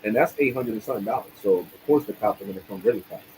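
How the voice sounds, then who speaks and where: A man's voice: lowish voice, very fast, darkish tone, slight background noise, rough recording. A man ranting angrily on his livestream, swearing often and using casual streetwise slang. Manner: angry, profane ranting.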